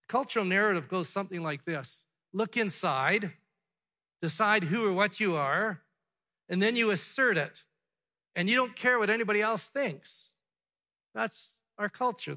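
Male pastor, slightly high and forceful, emphatic sermon delivery with rhetorical questions, hall reverb. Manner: emphatic, repeated rhetorical questions, swings from loud to hushed.

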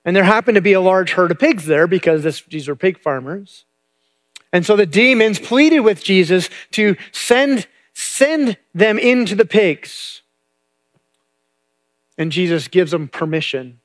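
A man's voice: sits high, animated, measured pace. A male pastor retelling a Bible story in a conversational sermon, often repeating words as he goes.

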